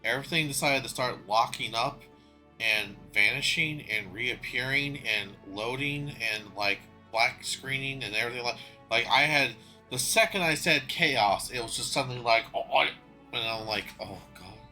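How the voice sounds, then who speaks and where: A man's voice: mid-range voice, normal speed, bright, forceful tone, soft background music. A man streaming a game, chatting casually to viewers, flustered and swearing freely as he talks to himself. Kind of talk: casual gaming livestream chat.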